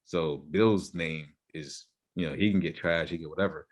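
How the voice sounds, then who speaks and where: Deep-voiced man arguing in podcast chat. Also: moderate pace. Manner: argumentative, lays out theories, repeats himself. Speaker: podcast co-host.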